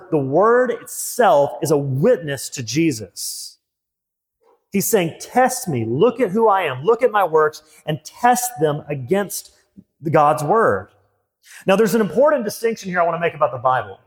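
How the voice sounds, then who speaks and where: A middle-aged man preaching a sermon as a pastor, earnest and emphatic, repeating key phrases. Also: a little high. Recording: long hall reverb.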